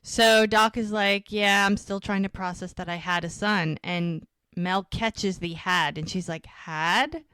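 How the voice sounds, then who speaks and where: A woman's voice: medium pitch, fairly even intonation, a little slow, hardly any pauses, fairly bright tone, smooth, no room sound, studio quality. A woman co-hosting a podcast, casually recapping an episode and acting out the characters' lines. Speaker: podcast co-host.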